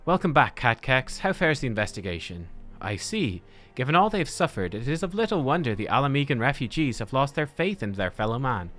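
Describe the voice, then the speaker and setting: A man voicing an earnest, formal young male scholar, reading game dialogue in a measured, old-fashioned way. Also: medium pitch, big pitch swings, a bit bright.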